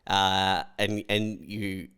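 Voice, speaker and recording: A man's voice: deep voice, fairly even intonation, extremely slow, pushed and bright, clear, resonant tone. A man co-hosting a comedy podcast, laid-back and profane, spinning absurd scenarios with dry humor. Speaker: podcast co-host. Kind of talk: crude comedic banter.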